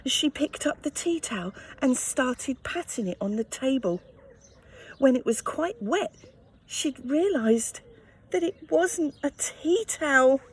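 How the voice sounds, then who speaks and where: Give me a woman reading a picture book to kids, high and gentle, with sympathetic little asides. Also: animated, slow, dry recording. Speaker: storyteller. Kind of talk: children's picture-book read-aloud.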